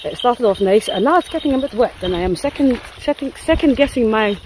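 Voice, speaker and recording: A woman's voice: on the high side, animated, fairly quick, background noise. A Scottish woman walking dogs through a wet forest, chatting casually and playfully to her phone and the dogs, with the odd swear. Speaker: dog walker. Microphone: handheld phone while walking.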